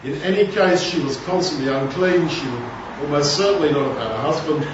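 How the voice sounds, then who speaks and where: A preacher with a slightly high voice gives an informal Bible teaching, talking briskly and conversationally with rambling asides. The recording has background noise and sounds dull and echoey, as if from a distant mic in a large room.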